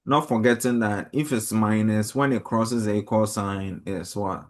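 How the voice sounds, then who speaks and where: A man with a lowish voice leads a classroom math lesson. He explains each step plainly and keeps asking the class questions. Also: steady tone, normal speed. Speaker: teacher.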